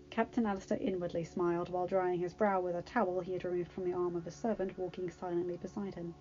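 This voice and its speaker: A woman reads a story aloud in a steady, gentle storytelling manner. Her voice is mellow and soft-edged, at a middle pitch. The recording sounds dull and lo-fi, with faint music underneath. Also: a little fast. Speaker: fanfiction reader. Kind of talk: storybook narration.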